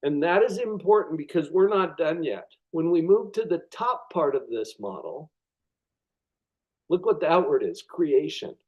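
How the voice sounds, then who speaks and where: Man, higher-pitched, motivational class presenter; expressive, emphatic pauses. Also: narrow, tinny audio. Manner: expressive, dramatizes with acted inner thoughts; deliberate emphatic pauses on key words. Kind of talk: motivational lecture.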